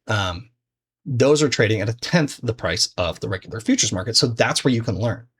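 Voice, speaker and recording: A man's voice: lowish voice, expressive, a little fast, fairly bright tone, a little hiss or hum. A man teaching trading in a loose, conversational way, full of fillers and restarts. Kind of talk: casual explanatory lesson.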